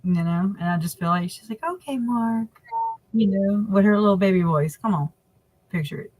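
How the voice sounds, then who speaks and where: A woman's voice: fairly low pitch, steady tone, fairly quick, darkish tone, dry recording, low-quality recording. Chatty, opinionated woman co-hosting a livestream. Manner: chatty, laughing asides, opinionated. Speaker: livestream co-host. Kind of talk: casual chat.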